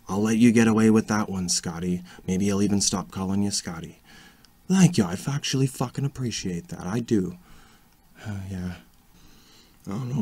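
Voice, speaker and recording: A man's voice: on the low side, a little mellow, slightly rough, no room sound. A man speaking in character during a role-play, swearing constantly and often stopping to restart his sentences. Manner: halting, with frequent restarts.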